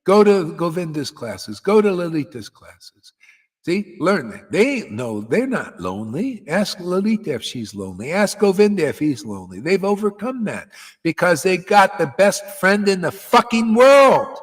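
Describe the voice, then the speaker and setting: A man's voice: high-pitched, very animated, moderate pace, slightly rough. Blunt, cussing preacher man in a hall. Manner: blunt, profane, emphatic preaching with laughs. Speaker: spiritual teacher. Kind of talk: informal devotional sermon.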